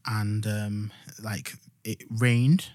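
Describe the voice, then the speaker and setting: A young Yorkshire man chats on a podcast, his voice sitting low and recorded dry and close. He rambles through stories with lots of "like" and false starts, getting animated as he retells them. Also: very slow, dry recording. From Yorkshire, England. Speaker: podcast co-host. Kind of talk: casual chat.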